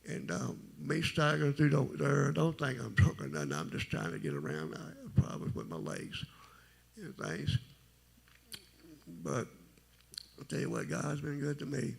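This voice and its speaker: A middle-aged man with a very deep, gravelly voice, telling his testimony at a church service in a halting, rambling way. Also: sing-song. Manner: rambling, halting, folksy storytelling. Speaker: testimony speaker.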